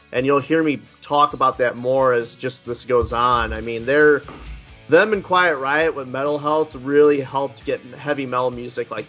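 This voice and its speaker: A man's voice: medium pitch, fairly bright tone. A man co-hosting a casual music podcast, laid-back and rambling, often saying "like" and "man". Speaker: podcast co-host. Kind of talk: casual chat about music.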